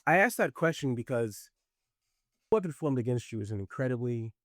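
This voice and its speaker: A man's voice: mid-range voice, animated, moderate pace, dry recording. American male podcast host, dry close sound, teasing and blunt. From United States. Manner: teasing, blunt, swears freely. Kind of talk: casual interview.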